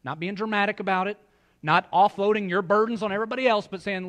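Conversational preacher man, slightly high voice. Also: fast talker, a bit bright. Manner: conversational, joking asides to the congregation. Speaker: pastor. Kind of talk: sermon. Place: church sanctuary.

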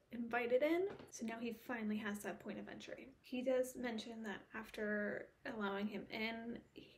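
Woman, high voice, casual book vlog recap, exasperated ranting, rhetorical questions, faint hiss. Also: darkish tone. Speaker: book vlogger.

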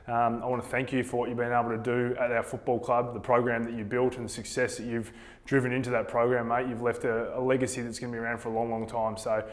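An Australian man talks fast in a steady, level voice with little rise and fall. He sounds earnest and encouraging, recording a supportive video message. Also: medium pitch.

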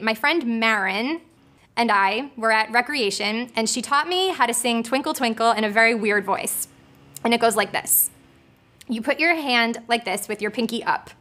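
A woman's voice: fairly high pitch, fairly bright tone. A woman teaching a casual vocal lesson in an upbeat, chatty way, explaining a singing exercise step by step. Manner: upbeat and chatty, laughs between points.

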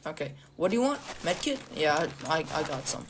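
In a game's voice chat, a woman with a low, very animated voice talks briskly and casually, joking, trolling other players and swearing often. Game sounds and noise run behind her.

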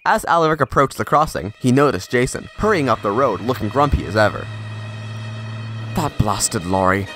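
A man narrating a storybook tale at a measured pace. His pitch is middling, but it rises and falls with plenty of life. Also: expressive, fairly bright tone, soft background music.

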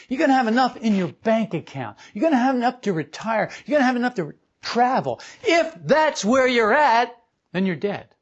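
A man giving an informal spiritual talk to a group, animated and emphatic, driving points home by repetition. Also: a little high, husky. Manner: animated, acts out quoted voices, emphatic repetition. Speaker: spiritual teacher. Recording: dull lo-fi recording.

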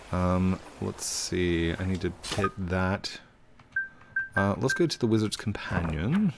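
A man's voice: low voice, gravelly. A man chatting through a let's play, talking to viewers as he plays, with game music behind. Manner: chatty, talks to viewers while playing. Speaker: gaming channel host.

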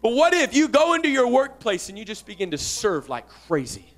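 A young man preaching with a notably high voice, fervent and urgent. He swings from hushed asides to loud shouted calls, keeping a lively, personal sermon tone. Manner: fervent, rising to shouts, with quick asides and laughs. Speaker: guest preacher.

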